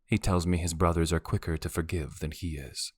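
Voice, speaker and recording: A man's voice: sits low, fairly even intonation, brisk, husky, dry recording. A man narrating a romance audiobook in the first person, with a wry, brooding delivery.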